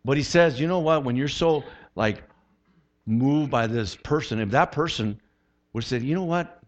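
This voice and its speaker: A male pastor delivers a sermon in a lively, conversational style, frequently repeating words as he begins a thought. His voice is mid-range and his pace moderate.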